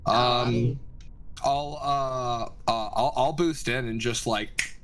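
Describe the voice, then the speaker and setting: A man's voice: medium pitch, fairly even intonation, slow pace, a loud crowd, rough recording. A man playing in a tabletop game, joking and rambling casually. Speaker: player.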